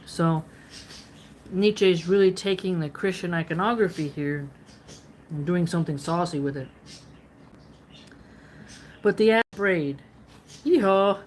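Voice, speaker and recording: A woman with a lowish voice hosts a philosophy reading. She reads passages aloud and stops often to unpack them in a chatty, playful way, full of casual asides. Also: unhurried, pauses often, a little hiss or hum, poor audio. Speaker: philosophy channel host.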